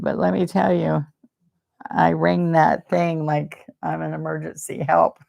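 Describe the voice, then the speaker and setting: A woman's voice: low voice, flat delivery, a little slow, vocal fry, a little mellow. A woman teaching a live painting demonstration, chatty and rambling, openly emotional and talking about faith. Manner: speaks of faith and blessings.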